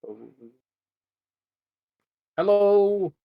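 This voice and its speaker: Man as courteous traveler, halting, mildly high. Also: expressive, smooth, no room sound, highs cut off, heavily acted. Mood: polite. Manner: polite, halting.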